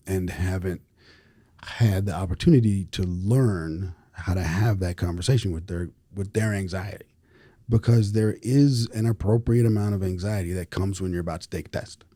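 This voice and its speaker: A man on a podcast speaks measured and thoughtful, his phrases dropping off quietly at the ends. His voice is very deep and warm, and the close mic keeps it dry. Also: dry recording. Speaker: podcast co-host. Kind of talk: podcast discussion.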